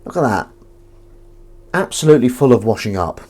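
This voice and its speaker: A man's voice: medium pitch, big pitch swings, brisk, darkish tone, slightly rough. A man chatting casually to a live-stream audience from his home kitchen while washing up, rambling and self-mocking.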